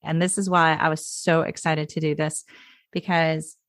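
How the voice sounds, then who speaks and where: A woman's voice: low-pitched, level tone, moderate pace, dry recording, studio quality. A woman co-hosting a casual history podcast, telling the story chattily with many fillers, restarts and frequent laughter. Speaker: podcast co-host.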